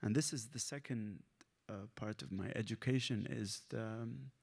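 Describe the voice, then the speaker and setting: A man's voice: fairly low pitch, normal speed, vocal fry, a little mellow, husky. Male author, grew up in Lebanon, live reading with wry, self-correcting commentary. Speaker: comics author. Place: library event.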